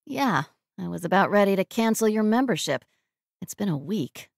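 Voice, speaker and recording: A woman voicing a sardonic young woman with a dry, deadpan wit. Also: medium pitch, normal speed, gravelly, dry recording. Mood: wry.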